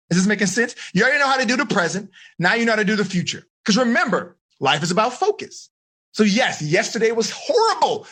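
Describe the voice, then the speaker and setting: A man running a live online coaching seminar for teens, talking in an energetic, slangy way straight to the kids. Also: very high-pitched. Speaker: life coach.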